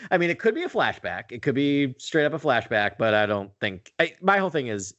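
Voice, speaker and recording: A man's voice: medium pitch, very animated, a little fast, a bit bright, no echo, lo-fi sound. A man co-hosting a podcast in casual chat, laughing often and restarting his sentences. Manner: self-correcting, repeats words, laughs often. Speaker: podcast co-host.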